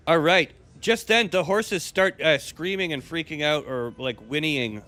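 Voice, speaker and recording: A man's voice: fairly high pitch, moderate pace, few pauses, sharp tone. A man narrating a role-play game as game master, telling the action casually and graphically.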